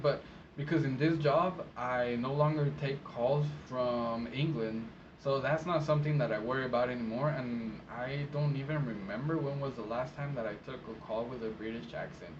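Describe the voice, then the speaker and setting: A man from Mexico who works as a phone interpreter, giving casual advice in a chatty, rambling way full of fillers and restarts. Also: mid-range voice. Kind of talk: casual advice talk to camera. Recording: dull lo-fi sound with steady background noise.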